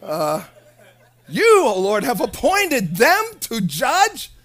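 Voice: mid-range voice, huge pitch swings, slow, fairly bright tone, heavily acted. A preacher voicing the prophet Habakkuk in a sermon, nervous and fawning as he pleads with the Lord. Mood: awed. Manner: trembling, pleading, overly intimate.

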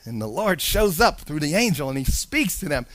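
A man preaching a sermon with animated delivery, acting out Bible characters in playful voices. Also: on the high side, moderate pace, no room sound. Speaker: pastor.

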